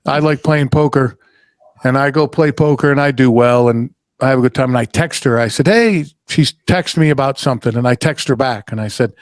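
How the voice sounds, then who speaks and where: A middle-aged man hosting a podcast, telling a story in casual chat, animated and swearing freely. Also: mid-range voice, a little fast, no room sound. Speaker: podcast host.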